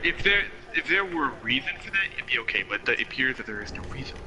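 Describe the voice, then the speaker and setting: A man chatting casually with a friend while they play a game, laid-back, breaking in with quick gameplay tips. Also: medium pitch, big pitch swings, noisy background. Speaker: co-player.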